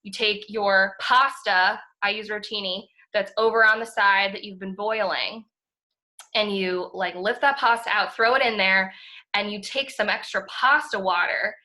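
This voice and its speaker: A woman's voice: medium pitch, fairly even intonation, measured pace, sharp tone. A young woman chatting enthusiastically as a podcast co-host, full of fillers and the odd swear word. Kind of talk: casual chat.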